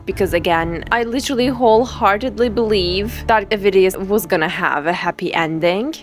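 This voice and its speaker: A young woman streamer reacting to a game in an emotional, gushing, chatty way. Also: lowish voice. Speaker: gaming streamer.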